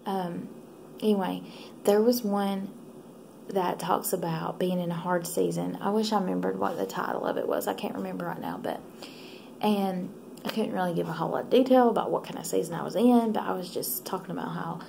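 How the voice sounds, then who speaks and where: Gravelly, half-whispering woman. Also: lowish voice, fairly even intonation, fairly quick, a little hiss or hum. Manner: soft, half-whispered and rambling. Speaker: vlogger. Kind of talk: casual late-night vlog.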